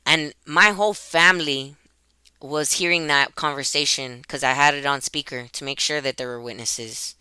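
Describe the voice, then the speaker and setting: Woman vlogger, webcam monologue; very bright, crisp voice, dry sound, emotional and rambling delivery. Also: deep voice, fairly even intonation, moderate pace, no echo. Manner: emotional, rambling, restarts and repeats herself. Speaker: YouTuber. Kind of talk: personal vlog monologue. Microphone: computer webcam.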